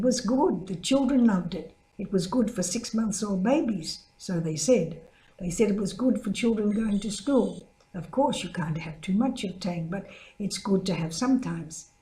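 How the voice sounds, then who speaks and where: Older woman, mellow storytelling reflection. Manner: storytelling, acts out quoted voices with higher pitch. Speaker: religious sister giving a reflection. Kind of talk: gentle spoken reflection with a story. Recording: echoey room.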